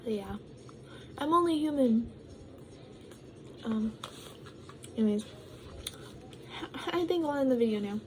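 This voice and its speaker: A woman's voice: a little high, lively intonation, slow, long pauses, faint music behind, poor audio. A young woman talking casually to her vlog audience, rambling with lots of ums and likes, sometimes while eating. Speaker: vlogger.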